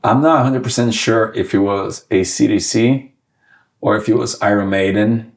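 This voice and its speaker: A man in his forties from Brazil with a Brazilian Portuguese accent, chatting as an interview guest, halting with many fillers and restarts. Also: fairly low pitch, steady tone, vocal fry. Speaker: guest musician. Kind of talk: casual interview chat.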